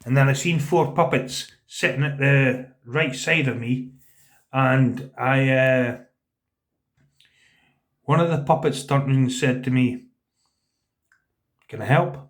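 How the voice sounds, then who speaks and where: A man in his thirties talking to camera in a vlog, earnest and a little halting. He repeats words as he goes and lowers his voice to quote what people said. His pitch sits in an ordinary middle range. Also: fairly even intonation. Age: 30s. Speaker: vlogger telling a personal story. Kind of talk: casual spoken storytelling.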